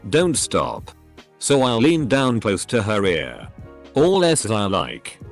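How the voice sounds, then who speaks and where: A man's voice: on the low side, huge pitch swings, slow pace, soft background music. A man narrating anonymous online stories in a scripted reading, spelling out abbreviations letter by letter.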